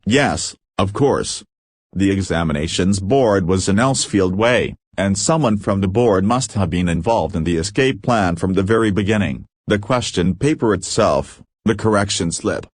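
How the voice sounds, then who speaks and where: A man reads a story aloud in a measured, deliberate way, as an audiobook narrator. His voice is on the low side, and it is recorded close and dry with no room echo. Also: breathy edge. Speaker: audiobook reader.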